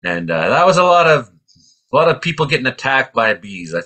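A middle-aged Canadian man co-hosts a casual chat, speaking briskly in a mid-range voice. He tells stories in an animated way, acting out the voices of the characters.

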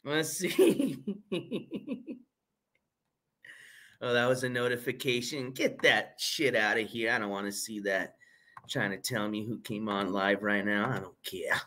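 A man's voice: lowish voice, a little slow, pushed and bright. A man hosting a casual livestream, laughing often and rambling with fillers and restarts, turning scornful and mocking. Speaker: livestream host.

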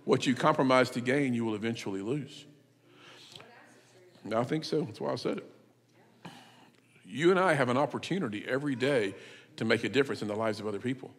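A man preaching with mid-range pitch, his voice ringing out in a church with long reverb. He tells stories and builds to emphatic, shouted points. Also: a little fast, long pauses. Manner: emphatic, rises to loud shouts. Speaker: visiting preacher. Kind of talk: sermon with storytelling. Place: church sanctuary.

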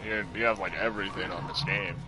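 A man's voice: deep voice, fairly even intonation, fast talker, over music. A man chatting casually with a friend during a game stream, playful and teasing. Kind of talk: casual chat.

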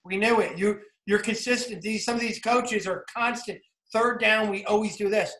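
High-voiced New Jersey football coach. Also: male voice, normal speed. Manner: energetic, repetitive coaching talk. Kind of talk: clinic talk narrating game film. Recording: roomy echo.

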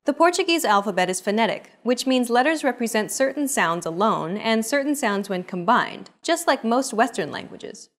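A woman narrating a lesson, explaining grammar points in an even, scripted way. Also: a little high, moderate pace, hardly any pauses.

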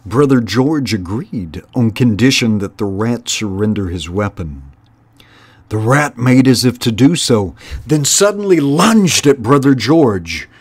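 Slow, steady male storyteller. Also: mid-range voice. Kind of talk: reading a children's novel aloud.

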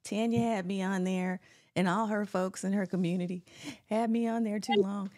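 A woman's voice: mid-range voice, steady tone, normal speed, crowd noise. A woman hosting a live-stream interview, upbeat and laughing often as she reads viewer comments aloud. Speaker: host.

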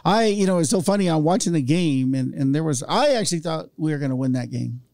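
Gravelly-voiced man telling fan stories. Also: a little high, animated, fast, darkish tone, no room sound, clean studio sound. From Orange County, California. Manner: storytelling, acts out voices in anecdotes. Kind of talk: casual podcast chat.

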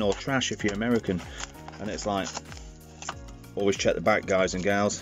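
A man's voice: lowish voice, fairly even intonation, a little fast, pauses often, faint music behind. A man chatting through a casual toy unboxing review, rambling with jokey asides.

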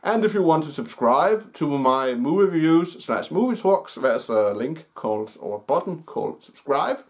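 A man hosting his own movie review show, talking in a casual, unscripted way with many pauses, fillers and restarts. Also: a little high, big pitch swings.

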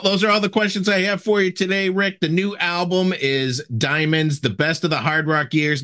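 A man hosting a podcast interview, closing it by reading out a product plug in a brisk, announcing way. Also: on the high side, a bit bright. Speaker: podcast host. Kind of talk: interview sign-off.

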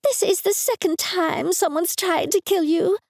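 Shrill scolding mum, as a woman puts her on, high voice, dry close sound. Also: measured pace, darkish tone, dry recording. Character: shrill nagging middle-aged mother.

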